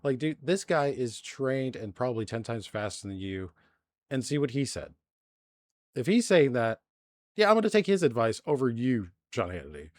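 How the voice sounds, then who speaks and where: A man's voice: mid-range voice, sing-song, normal speed, no echo, studio quality. A male-sounding streamer ranting through live news commentary, exasperated and heavily profane, in a loose, conversational way with plenty of fillers. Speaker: livestreamer.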